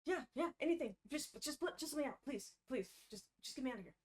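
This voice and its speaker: Girl putting on a frantic trapped prisoner lady, high and pleading, begging to get out of a tabletop game cell. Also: expressive, quick pace. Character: rattled, filthy young woman prisoner begging for release.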